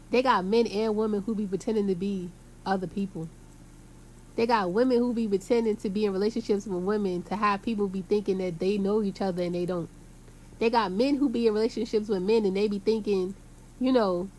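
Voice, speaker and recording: A woman's voice: medium pitch, a little mellow, slight background noise. A woman from Brooklyn, talking to her viewers in a rambling, emphatic way full of street slang and cursing. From Brooklyn, New York. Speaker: vlogger. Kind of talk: casual rambling monologue to camera.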